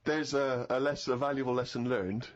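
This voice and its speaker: A middle-aged man in easy podcast chat, spinning a long explanation or a sheepish tale about himself. His voice sits at an ordinary pitch and the audio is a touch dull. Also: steady tone, a little fast, a little hiss or hum. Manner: explanatory, self-mocking storyteller. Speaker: podcast co-host. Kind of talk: casual chat.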